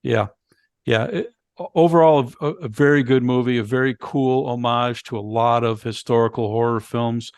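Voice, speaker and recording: During a casual movie-review chat, a man co-hosting the podcast lays out the plot stage by stage, often restarting and filling gaps. His mid-range voice has fairly even intonation, normal speed, and a clear, resonant tone, recorded dry and clean in a studio.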